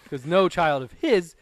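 A man's voice: a little high, very noisy. A man co-hosting a casual podcast chat, joking, laughing often and swearing as he tells stories. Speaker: podcast co-host.

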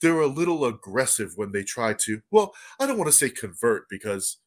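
A man's voice: medium pitch, very animated, normal speed, close to an everyday voice. A man voicing a kindly, folksy barkeep who calls people friend and stammers a little. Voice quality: folksy, hesitant, says "friend".

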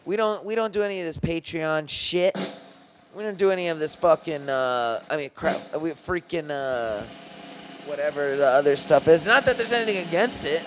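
A man's voice: on the high side, moderate pace, noisy background. A young man co-hosting a podcast in loose, rambling casual chat, full of slang and swearing. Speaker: podcast co-host.

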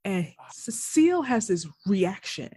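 A woman co-hosting a casual TV recap chat, animated and quick to act out characters' lines. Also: medium pitch, husky, no room sound, studio quality. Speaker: podcast co-host.

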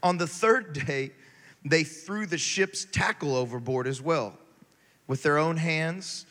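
A man preaching in a fairly high voice, shifting between hushed scripture reading and loud, driving exhortation. His words ring out with a long reverb that fills a large church hall. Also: slow. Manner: animated, swings from quiet reading to loud exhortation. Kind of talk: sermon.

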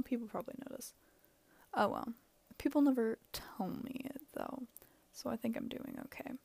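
A young woman talks through her own solo podcast in a loose, rambling way, poking fun at herself and dropping "like" everywhere. Her voice sits a little high but has a dark, gravelly edge. The recording is close and very dry. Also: dry recording. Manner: rambling, self-mocking, laughs often, many "like"s. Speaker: podcast host. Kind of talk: casual solo podcast advice.

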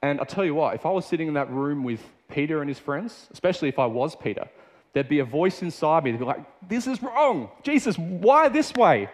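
Young Australian man, chatty preacher with a slightly high voice; long reverb from the hall. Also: quick pace, a little mellow. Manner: casual and chatty, with many fillers and restarts. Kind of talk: sermon.

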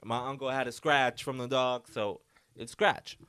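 A man talks through a story on his solo podcast, rambling and animated, with "like" in nearly every sentence. His voice sits in a middle pitch and sounds dry and close. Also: a little slow, clear, resonant tone, no echo. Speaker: podcast host. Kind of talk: casual storytelling.

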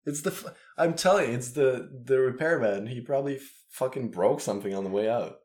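A man's voice: mid-range voice, expressive, a little fast, darkish tone. A man co-hosting a casual chat, bantering, swearing freely and laughing along.

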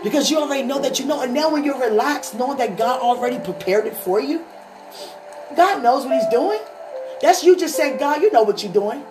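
Woman telling her faith story all worked up, kinda high voice, music playing behind her. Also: a little fast. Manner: excitable, storytelling, acts out her own thoughts. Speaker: speaker sharing a faith testimony. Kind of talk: spiritual testimony to an online audience.

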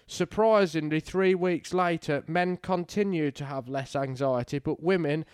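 High-voiced, joking man. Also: darkish tone, clear, resonant tone, dry recording, clean studio sound. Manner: joking, sweary, reads haltingly. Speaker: podcast co-host. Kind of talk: casual chat, reading out research.

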